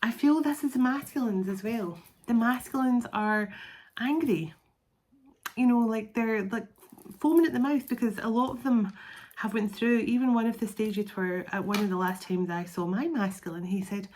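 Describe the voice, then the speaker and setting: A woman's voice: a little high, moderate pace, darkish tone. A middle-aged woman giving a casual, rambling spoken tarot reading. She laughs often and restarts her phrases. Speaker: tarot reader.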